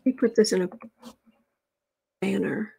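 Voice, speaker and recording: Unhurried woman reading tarot on a livestream. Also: medium pitch, vocal fry, husky. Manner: unhurried and drawn-out, drops into soft near-whispered asides. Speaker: tarot reader.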